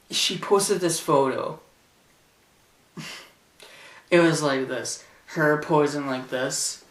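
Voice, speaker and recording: Slow, sarcastic teenage boy ranting. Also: fairly high pitch, roomy sound, far from the mic. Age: teens. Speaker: vlogger. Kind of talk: ranting vlog. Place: bedroom. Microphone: camcorder mic.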